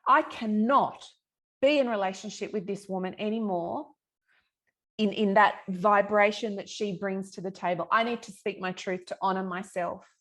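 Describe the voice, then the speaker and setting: A middle-aged woman talks through her own story as a podcast guest. She speaks earnestly and emphatically, at an ordinary pitch for a woman, and swears freely. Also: normal speed. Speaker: podcast guest, yoga teacher and healer. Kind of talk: candid personal storytelling in conversation.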